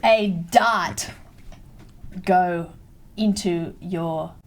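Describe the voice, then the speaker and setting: Unhurried Australian woman running the game. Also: fairly low pitch. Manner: unhurried, laughing often. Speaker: game master. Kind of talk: narrating a tabletop game.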